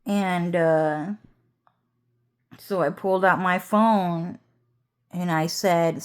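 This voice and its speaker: A woman vlogger talks through a personal story at a slow, unhurried pace, in a slightly low voice. She rambles, swears freely and keeps circling back with "so anyways". The tone is casual and conversational. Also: fairly even intonation. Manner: rambling, profane, frequent "so anyways" and "um".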